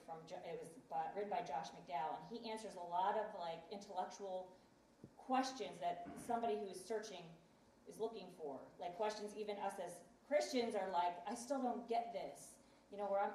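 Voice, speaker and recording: A woman's voice: mid-range voice, fairly quick, mellow, distant mic, a little hiss or hum. Chatty woman in an echoey room. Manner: chatty, acts out quoted voices. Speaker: guest telling her faith story. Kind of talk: casual personal testimony.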